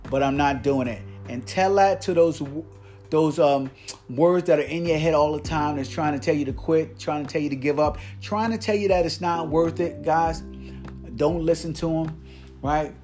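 A man's voice: on the high side, moderate pace, darkish tone, faint music behind. A man hosting a motivational podcast, talking in an earnest coaching tone and checking in with "right?" and "guys" as he goes.

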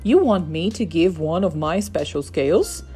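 Woman as vain proud fish, haughty and indignant, mellow tone. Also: fairly low pitch, animated, moderate pace, soft background music, close to an everyday voice. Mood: scornful.

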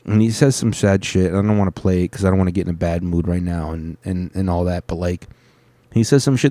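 A man with a lowish voice rambles through casual reaction commentary, swearing often and restarting his sentences. His voice sounds dry and close, with no room echo. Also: fast talker, dark tone. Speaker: streamer reacting to videos.

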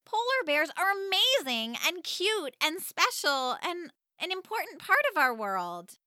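Bright, animated woman reading a children's story. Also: unhurried, no room sound, studio quality. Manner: highly expressive, animated storytelling. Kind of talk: first-person children's story narration.

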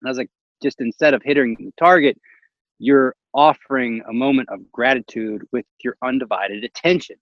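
A man's voice: mid-range voice, a little fast, no echo, highs cut off. A man casually telling a story, acting out the voices of the people in it and laughing often. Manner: animated, acts out quoted voices, laughs often.

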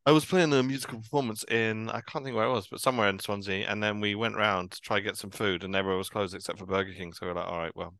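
Man, podcast host, bright forceful voice, dry close sound, chatty, laughs a lot. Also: fairly low pitch, level tone, quick pace, hardly any pauses, no room sound. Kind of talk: casual podcast chat.

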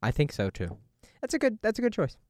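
A man's voice: high voice, brisk, dry recording. Guy cohosting a podcast, playful teasing, bouncy voice, super dry sound. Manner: playful and teasing, lively intonation. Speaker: podcast co-host. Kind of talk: casual chat game.

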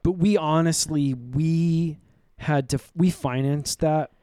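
Comedy podcast guy rambling deadpan, kinda high voice, warm tone. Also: takes it slowly, smooth, dry recording, clean studio sound. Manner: rambling, deadpan absurd storytelling with laughs. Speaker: podcast co-host. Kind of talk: improvised comedy recap.

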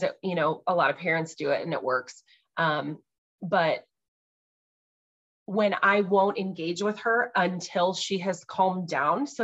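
Casual mom host, thirties, rambling and friendly, filler words throughout, low-set voice, muffled recording. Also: female voice. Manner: chatty, many ums and likes, laughs easily. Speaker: podcast host. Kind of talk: casual parenting talk.

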